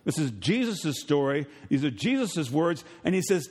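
A middle-aged male pastor preaching a sermon to his congregation, rising to emphatic peaks and then dropping low and quiet, acting out voices when he retells a story. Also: big pitch swings, moderate pace, hardly any pauses, husky. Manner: acts out voices in retold stories. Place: church sanctuary. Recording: long hall reverb.

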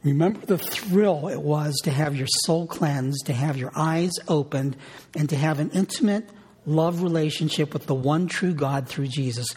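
A man's voice: a little high, normal speed, a little mellow, husky. A middle-aged man preaching a sermon, telling a homey story in an earnest way and often repeating his words as he goes. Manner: earnest storytelling with frequent word repetitions. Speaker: pastor. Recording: long hall reverb.

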